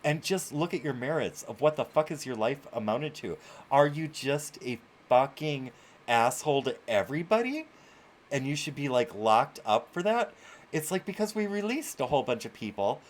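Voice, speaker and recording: A man's voice: mid-range voice, expressive, normal speed. A male host ranting through live-streamed commentary, exasperated and swearing freely.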